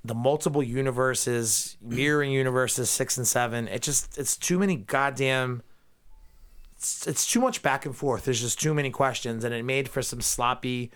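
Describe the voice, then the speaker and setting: A man's voice: medium pitch, moderate pace, fairly bright tone. A man co-hosting a casual podcast chat, profane and ranting, who sometimes hums and sings along. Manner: profane, ranting, breaks into humming and singing. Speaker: podcast co-host.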